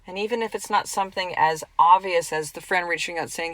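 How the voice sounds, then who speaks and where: A middle-aged woman giving an earnest, chatty motivational talk as a podcast host and coach, slowly repeating affirmations. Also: fairly low pitch, no echo, low-quality recording.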